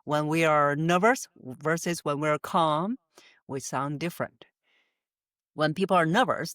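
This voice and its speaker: A woman's voice: low-pitched, dry recording, clean studio sound. A woman voice coach answering interview questions, explaining with frequent "uh" fillers and light laughs. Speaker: voice coach guest.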